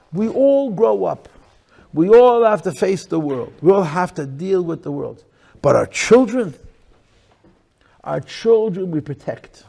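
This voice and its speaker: A man speaking as a rabbi, lecturing to listeners in a room, emphatic and repetitive, swinging between loud bursts and hushed lines. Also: high voice, vocal fry, breathy edge. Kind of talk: lecture to a live audience.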